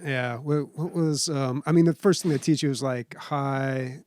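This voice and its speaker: A man's voice: medium pitch, fairly even intonation, measured pace, a little mellow, no echo. Laid-back young man, dry close sound. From San Diego. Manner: rambling, self-deprecating, laughs often. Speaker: podcast host. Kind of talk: casual chat.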